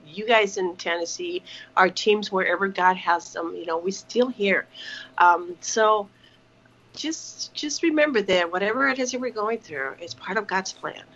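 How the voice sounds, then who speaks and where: A woman's voice: medium pitch, fairly bright tone, a little hiss or hum. Earnest woman on a dull video call. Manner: earnest, halting, many fillers and restarts. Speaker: ministry partner. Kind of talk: casual video call chat. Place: home kitchen.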